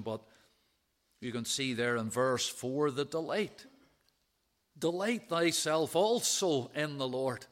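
A man preaching a sermon, reading out scripture verses and dwelling on them in a measured, emphatic way. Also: fairly high pitch, fairly bright tone.

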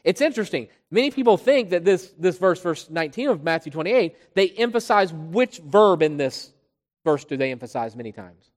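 Preacher working through a bible passage, leans hard on words then goes soft, voice ringing in a big echoey hall. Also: medium pitch, very animated, moderate pace. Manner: emphatic, swinging between loud stresses and quiet drops; repeats and restarts phrases while building points. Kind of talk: expository sermon. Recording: long hall reverb.

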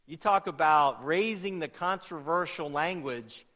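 A man with a notably high voice delivers an expository sermon, pressing hard on his key points. The sound carries a long reverb, as in a large church sanctuary. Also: expressive, measured pace. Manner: emphatic, rising to loud peaks on key points. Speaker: pastor.

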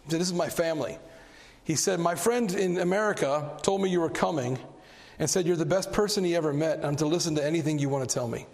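A man preaching a sermon, telling a story with animated energy and a voice that climbs when he gets excited. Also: a little high, quick pace, vocal fry. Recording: long hall reverb.

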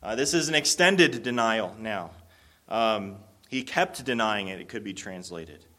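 A man's voice: on the low side, animated, measured pace, sharp tone. A man preaching a sermon, explaining a Bible passage in an earnest, conversational way with frequent restarts. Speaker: pastor.

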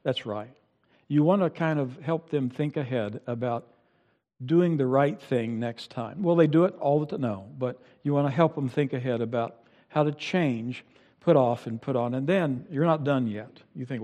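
A man's voice: mid-range voice, moderate pace, mellow. A middle-aged male pastor preaching an earnest sermon and often restarting his sentences. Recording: long hall reverb.

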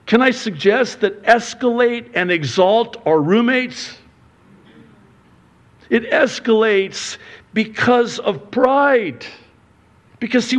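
A man preaching a sermon as pastor, conversational and playful, with lively asides and acted-out quotes. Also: very high voice. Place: church sanctuary.

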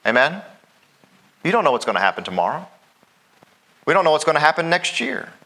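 A man's voice: fairly high pitch, big pitch swings, brisk, pushed and bright. A middle-aged man, a pastor preaching a sermon in a folksy way, often asking the congregation "Amen?".

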